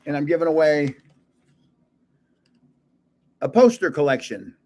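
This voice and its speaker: A man's voice: fairly high pitch, big pitch swings, measured pace, a little mellow. A man in his seventies hosting a casual livestream, rambling, chuckling often and trailing off while searching for words. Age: 70s. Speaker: livestream host.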